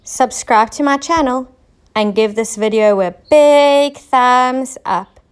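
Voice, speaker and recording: A woman teacher reading a children's storybook aloud, with clear, expressive storytelling. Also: high voice, takes it slowly.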